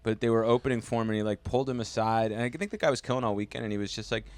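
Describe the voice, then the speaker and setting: Homem falante num podcast de humor. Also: male voice, medium pitch, no room sound. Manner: laughing, chatty, quick to riff in mock voices. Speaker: podcast co-host. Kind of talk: casual podcast chat.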